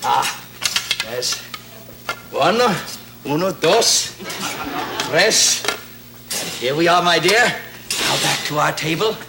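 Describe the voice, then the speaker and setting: A man's voice: a little high, lively intonation, takes it slowly, vocal fry, long pauses, reverberant. A man playing a mock-formal agent in a 1960s TV comedy sketch, bantering with the host. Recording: noisy old TV broadcast with loud audience. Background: loud studio audience laughter.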